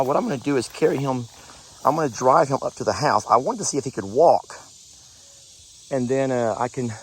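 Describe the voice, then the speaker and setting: A goat farmer vlogger coos tenderly at an injured animal outdoors at night, choking up as he speaks to viewers in an emotional farm vlog. His voice is mid-range, with a little hiss or hum in the recording.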